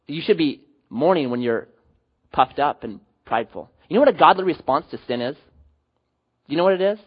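A husky-voiced man delivers a sermon as a pastor, his voice sitting fairly high and swinging widely from loud emphatic peaks to quiet, low endings. The sound is dull and lo-fi.

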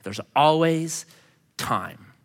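A male pastor giving a sermon, telling a personal story in an animated way and acting out the voices of the people in it. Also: a little high, very slow, in a large hall.

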